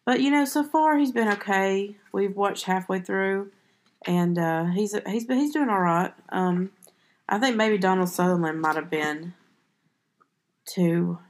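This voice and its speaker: A woman's voice: mid-range voice, unhurried. A woman hosting a casual movie podcast, chatty and rambling, often restarting her sentences. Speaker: podcast host.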